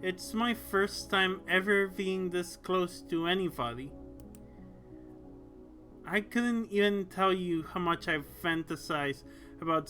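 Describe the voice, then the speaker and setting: A bashful young woman who yearns to be held, as a man puts her on. She speaks in a slow, soft, pleading way, pitched a little above his usual voice. The tone stays bright and clear. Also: full character voice. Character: shy, lonely young woman craving closeness.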